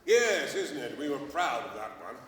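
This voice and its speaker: A man's voice: medium pitch, sing-song, normal speed, a bit bright, slight background noise. A man playing a smug, evasive government adviser in a live comedy sketch, answering breezily. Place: large old church used as a cabaret venue. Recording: echoey church hall from far off.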